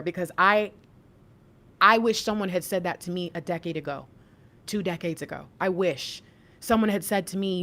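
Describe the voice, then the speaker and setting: A woman in her thirties hosting a livestream spiritual reading, talking in an animated, preachy way straight to her viewers. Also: medium pitch. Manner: animated, preachy, talks to chat. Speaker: intuitive reader and livestream host.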